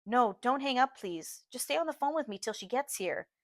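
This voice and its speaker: Brief: woman reading as a desperate, fierce woman on the phone, pitched a bit higher, dry close sound. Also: animated, normal speed, no room sound. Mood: pleading. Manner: panicked, pleading, then resolute. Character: distraught grown woman fleeing abuse, fierce. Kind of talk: audiobook reading.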